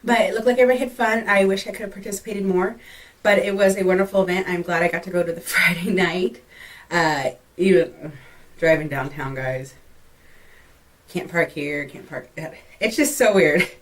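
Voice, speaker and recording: Young texas woman rambling thru a pregnancy vlog, kinda breathless, lower voice, mic a bit far off. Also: a little fast. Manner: chatty, laughs often, many fillers. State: short of breath. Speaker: vlogger. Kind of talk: casual pregnancy update vlog.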